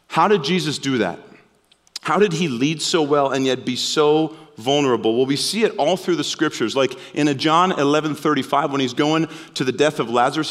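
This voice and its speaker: A man's voice: medium pitch, a bit bright. Earnest male pastor preaching in a hall. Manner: earnest, emphatic, slows down on key phrases. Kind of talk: sermon.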